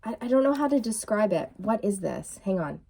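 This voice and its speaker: A woman's voice: medium pitch, fairly quick, vocal fry, husky. Chatty woman giving a tarot reading. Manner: chatty, excitable, many fillers and restarts. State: clearing her throat. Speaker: tarot reader. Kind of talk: intuitive tarot reading to camera.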